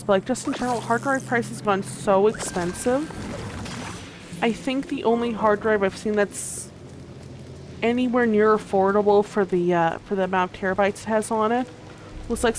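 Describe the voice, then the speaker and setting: A woman's voice: medium pitch, noisy background. A young woman livestreaming a game, chatting casually and a bit sleepily, rambling with lots of fillers and restarts. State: sleepy, yawning. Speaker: gaming streamer. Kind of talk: casual livestream chat while gaming.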